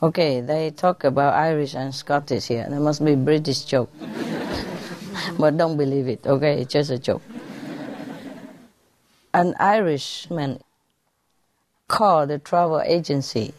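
A woman's voice: low-pitched, slow pace, pauses often, darkish tone. A woman teacher reading jokes aloud to a class, chatty and storytelling.

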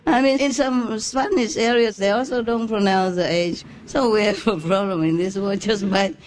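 A woman telling a joke to a crowd in halting English and laughing often. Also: medium pitch. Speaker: speaker telling a joke to an audience. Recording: crowd and noise in room.

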